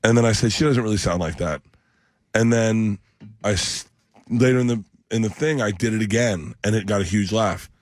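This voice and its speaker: A man's voice: lowish voice, moderate pace. Laughing storytelling male comedian. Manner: laughing through his stories, acting out family members' voices. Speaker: comedian guest. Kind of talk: storytelling on a radio show. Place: radio studio.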